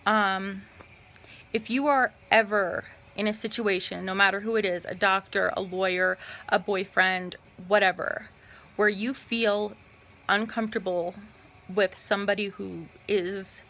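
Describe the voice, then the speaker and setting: A young woman talks to her vlog audience while lounging in bed, recounting a personal experience. Her voice has a gravelly vocal fry at mid pitch, and she speaks haltingly, pausing often and filling gaps with "um.". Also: fairly even intonation, a bit bright. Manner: halting, with frequent fillers and pauses. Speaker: vlogger. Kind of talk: casual personal storytelling.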